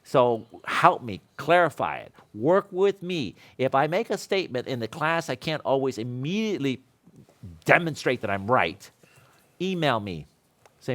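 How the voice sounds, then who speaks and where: A middle-aged man teaching a seminar class, telling stories in a casual, animated way and laughing often. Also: mid-range voice, moderate pace. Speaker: seminar instructor.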